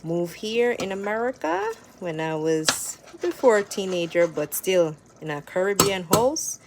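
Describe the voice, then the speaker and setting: A woman's voice: medium pitch, lively intonation, a little slow, heavy background noise. A woman from Jamaica with a Jamaican accent, chatting casually to viewers in a home cooking vlog. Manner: chatty, addresses viewers as "people". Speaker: vlogger. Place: home kitchen.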